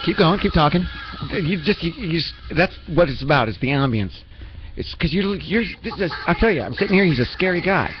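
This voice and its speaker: Male radio host, rambling and self-mocking, with a lively, animated pitch and faint music under a slightly muffled recording. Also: fairly quick. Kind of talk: comedic radio banter.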